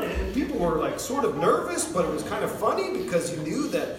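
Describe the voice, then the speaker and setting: An American man preaching a sermon, telling a story with lively energy and shouting out the quoted lines. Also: high voice, a little fast, few pauses, heavy reverb, distant mic, a loud crowd, rough recording. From United States. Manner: animated storyteller, shouts when acting out quotes.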